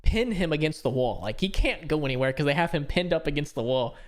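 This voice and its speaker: A man's voice: a little high, expressive, fast, a crowd in the background. A man from Florida co-hosting a podcast, chatting casually with mocking, profane humor. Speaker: podcast co-host. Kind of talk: casual chat.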